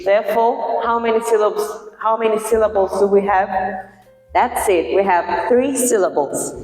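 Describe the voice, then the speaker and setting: A woman teaching a pronunciation lesson, patiently explaining and slowly repeating words to model their sounds. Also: mid-range voice, darkish tone. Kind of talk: slow, deliberate lesson explanation. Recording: echoey room with long reverb, faint music.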